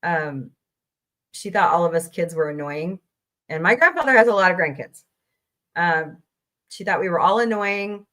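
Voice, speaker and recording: A woman's voice: lowish voice, animated, normal speed, pauses often, fairly bright tone. A middle-aged woman from the Midwest, hosting a casual chat show and rambling through stories with frequent laughs. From American Midwest. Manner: chatty, rambling, laughs often. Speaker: podcast host.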